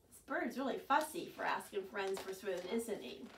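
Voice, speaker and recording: A woman librarian reading a story aloud to children, slow and expressive, with chatty asides. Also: medium pitch, a little hiss or hum. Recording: echoey room from far off.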